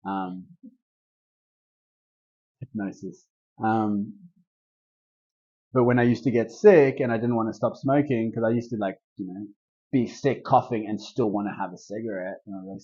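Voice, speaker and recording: A man with a low, husky voice gives a loose, rambling herbal workshop talk, full of fillers. The sound is dull and muffled. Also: mellow. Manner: laid-back, rambling, lots of "like". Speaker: herbalist leading a group talk.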